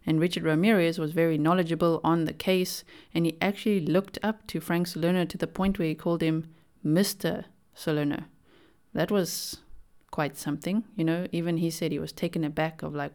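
Podcast host, young adult woman; warm, smooth, opinionated casual talk. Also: low voice, steady tone, brisk. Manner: chatty, opinionated, many "like" fillers. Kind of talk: casual solo commentary.

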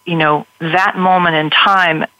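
A woman guest on a radio interview, telling her story in an animated way. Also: on the low side, measured pace, dry recording. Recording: dull lo-fi radio sound.

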